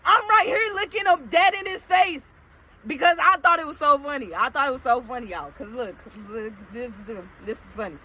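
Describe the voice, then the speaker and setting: A woman telling a casual storytime, animated and emphatic, often checking in with her listeners. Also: sits high, brisk, slight background noise, poor audio.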